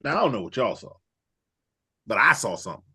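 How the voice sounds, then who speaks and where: A man's voice: lowish voice, very animated, fast, sharp tone, slightly rough. A man co-hosting a podcast, crude and joking in casual chat. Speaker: podcast co-host.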